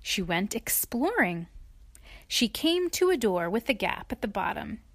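A woman reading a children's story aloud in an expressive, playful way, adding asides to her listener. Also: on the high side, measured pace, no room sound, clean studio sound.

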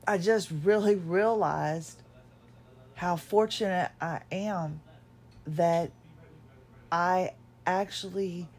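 Slow, halting tired woman. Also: lowish voice, fairly even intonation, darkish tone. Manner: halting, many restarts, emotional. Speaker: podcast host. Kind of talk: reflective personal monologue. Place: at home.

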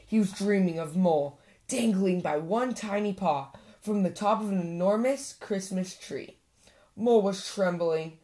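A woman hosting a storytime channel, reading a children's picture book aloud with gentle expression. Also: medium pitch, unhurried, hardly any pauses. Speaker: storytime host and reader.

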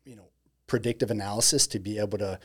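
A man's voice: lowish voice, fast, a bit bright, slightly rough. A middle-aged man as an interview guest in casual chat, reflective and earnest, often restarting his sentences.

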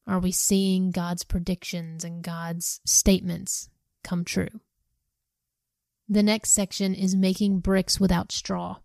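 Mellow-voiced woman reading scripture. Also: on the low side, slow pace, gravelly, no room sound. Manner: calm, earnest reading with reflective questions. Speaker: Bible study podcast host. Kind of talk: reading scripture aloud with study questions.

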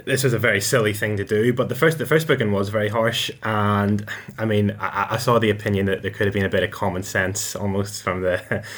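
A football pundit breaks down matches on a podcast in a lowish, fairly bright voice with fairly even intonation and a brisk pace. He sounds hesitant, often stumbling and repeating his words.

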